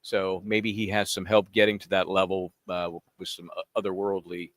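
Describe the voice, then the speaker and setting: A man's voice: low voice, level tone, moderate pace. A man co-hosting a live trial-watch show, talking in a chatty way that wanders onto tangents. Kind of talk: casual chat.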